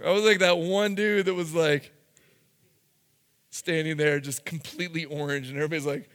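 A man's voice: high-pitched, fairly quick, fairly bright tone, clean tone, in a large hall. A man preaching a youth sermon, telling a funny school story and acting out the quotes. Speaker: youth pastor.

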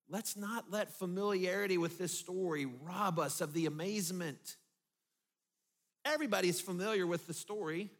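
High-voiced pastor preaching. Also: male voice, normal speed. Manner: vivid storytelling, drops low and soft for emphasis. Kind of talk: sermon.

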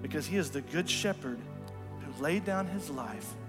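A man preaching a sermon in a church, retelling scripture with dramatic, earnest storytelling that drops softly in volume. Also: a little high, expressive, normal speed. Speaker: pastor. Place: church sanctuary. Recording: long hall reverb with faint music. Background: faint music.

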